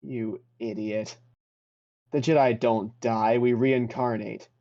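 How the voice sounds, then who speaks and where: Sneering spectral Jedi master, mocking and sarcastic, low and muffled, voiced by a game master. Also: male voice, flat delivery, takes it slowly, dark tone. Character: sarcastic human male Jedi council leader, spectral.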